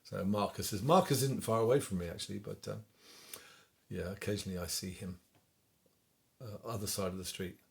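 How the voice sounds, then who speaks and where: Hosting a request show from home in lockdown, a singer-songwriter with a West Country accent reads out dedications and chats casually between songs. He has a lowish voice with vocal fry, talks a little fast, and leaves long pauses, while faint guitar plays.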